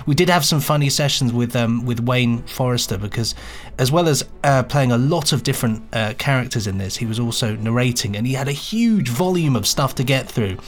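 A man's voice: medium pitch, expressive, a little fast, few pauses. A man co-hosting a podcast and recalling studio sessions as the engineer, talking in a chatty way with many restarts. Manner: chatty, stumbling restarts, laughs easily. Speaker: podcast co-host and sound engineer. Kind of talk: casual chat.

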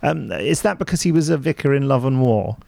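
A man's voice: mid-range voice, expressive, brisk, vocal fry, a little mellow, no room sound. A man hosting a studio podcast in casual chat, joking and poking fun at himself. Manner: jokey, self-mocking, laughs often. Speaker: podcast host. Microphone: studio mic.

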